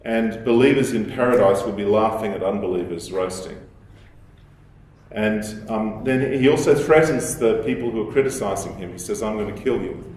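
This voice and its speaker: A man giving a lecture in a measured, explanatory way, with fillers and restarts as he thinks aloud. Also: lowish voice, a little mellow. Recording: echoey hall, voice from a distance.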